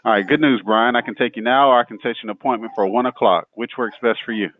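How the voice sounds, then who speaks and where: A man's voice: mid-range voice, steady tone, fast, no echo. A man playing a tire shop service rep in a practice call, polite and scripted. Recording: dry, tinny phone-like line.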